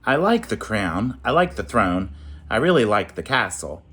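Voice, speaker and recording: A man's voice: medium pitch, sing-song, unhurried, bright, forceful tone, slightly rough, heavily acted. A man voicing a prim, snooty young prince in a read-aloud picture book, haughty in tone. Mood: peevish.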